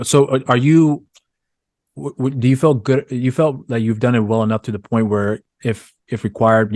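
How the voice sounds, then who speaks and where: Fast-talking low-voiced podcast host. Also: male voice, darkish tone, dry recording, studio quality. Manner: long winding questions, many restarts. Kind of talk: casual interview chat.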